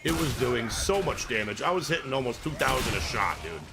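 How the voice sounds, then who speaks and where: A man's voice: mid-range voice, animated, fairly quick, gravelly. A man streaming a game and chatting live with viewers, crude and joking as he rambles. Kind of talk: live gameplay commentary.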